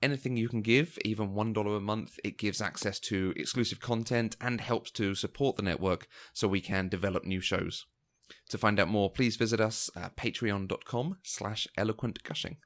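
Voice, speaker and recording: A man's voice: fairly low pitch, normal speed, fairly bright tone. A man co-hosting a podcast, reading listener feedback and announcements in a casual tone, chuckling often. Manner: chuckles often between remarks. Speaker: podcast co-host. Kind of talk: casual chat and show announcements.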